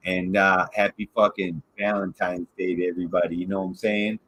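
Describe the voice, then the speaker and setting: A man from Michigan with a low voice hosts a relaxed podcast, talking a bit fast as he rambles through lively, profanity-heavy stories. It's a low-quality recording.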